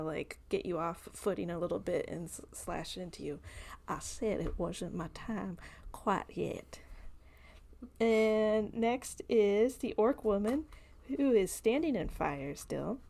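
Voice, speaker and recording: A woman narrating as game master of a tabletop game, in a relaxed way with many fillers. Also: mid-range voice, vocal fry.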